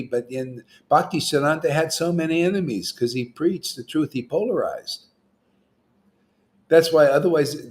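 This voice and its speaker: A man preaching an informal devotional sermon, animated and chatty, slipping into slang and chuckling between points. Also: medium pitch. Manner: animated, acts out quoted voices; chuckles often, casual slang. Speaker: spiritual teacher.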